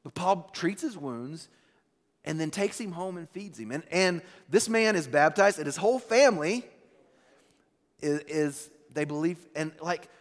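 A male pastor delivers a sermon in a church, speaking casually and conversationally and often restarting what he says. His voice sits a little high, with lively intonation and a slightly slow pace. The recording carries the long reverb of a church hall.

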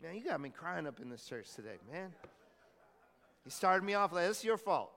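Man, pastor, conversational sermon, high voice, long church reverb. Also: expressive, moderate pace, vocal fry, bright, forceful tone. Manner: conversational preaching, asks the congregation questions. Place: church hall.

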